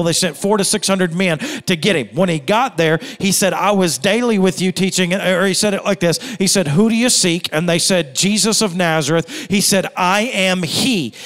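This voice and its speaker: High-voiced preaching man in echoey hall. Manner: emphatic preaching with repetitions and rhetorical questions. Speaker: pastor. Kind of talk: sermon. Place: church hall.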